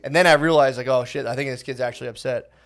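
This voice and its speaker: A man co-hosting a podcast, telling profane stories in an excitable, casual chat. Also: medium pitch, quick pace.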